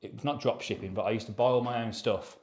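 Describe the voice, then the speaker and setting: A man's voice: on the low side, fairly even intonation, fast talker, a little mellow. A man in his thirties, co-hosting a podcast, chatting loosely and swearing as he rambles through his story. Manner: rambling, sweary and matter-of-fact. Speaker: podcast co-host. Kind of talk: casual chat. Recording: echoey room.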